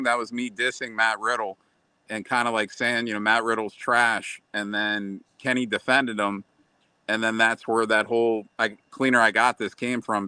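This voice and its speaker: A man's voice: medium pitch, sharp tone, clear, resonant tone, no echo. A man on a podcast rambling through a story as a wrestling fan, swearing freely. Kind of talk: casual storytelling.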